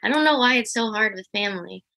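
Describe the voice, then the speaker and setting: A young woman calls in to an advice show with a bright voice. She speaks softly and hesitantly. Nervous laughs break into her talk. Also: medium pitch, lively intonation, fast, gravelly, low-quality recording. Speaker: caller. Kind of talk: phone-in conversation.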